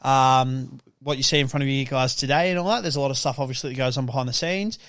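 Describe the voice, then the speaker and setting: A man's voice: mid-range voice, quick pace, no room sound, clean studio sound. A young Australian man hosting a podcast who tells a rambling story in casual chat, swearing freely and filling his speech with ums and likes. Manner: swearing, rambling and animated, with lots of fillers. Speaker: podcast co-host.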